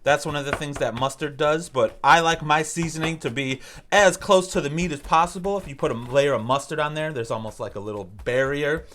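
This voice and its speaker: A man's voice: a little high, a little fast, hardly any pauses, fairly bright tone, a little hiss or hum. A man hosting a casual cooking demonstration, talking in an easygoing, instructive and encouraging way. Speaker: cooking show host.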